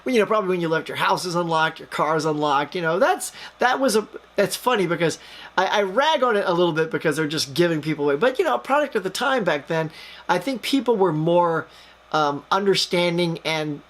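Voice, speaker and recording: A man's voice: sits high, animated, brisk, a bit bright. A man reviewing a film, retelling the plot in a chatty, rambling way, full of fillers and jokey asides. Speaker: movie reviewer.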